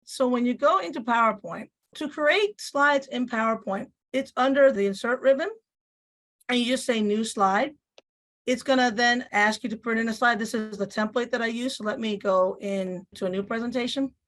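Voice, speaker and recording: A woman with a Spanish accent, teaching a webinar on presentation software in an upbeat, explanatory way. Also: on the high side, normal speed. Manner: upbeat, explanatory, mimics software prompts in a lighter voice. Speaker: teacher giving a training session. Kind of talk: instructional webinar demo.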